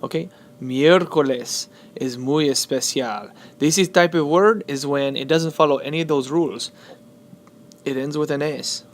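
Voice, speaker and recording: A man teaching Spanish spelling and stress, switching between English and Spanish and repeating words slowly. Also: fairly high pitch, slight background noise. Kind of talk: classroom explanation of Spanish spelling.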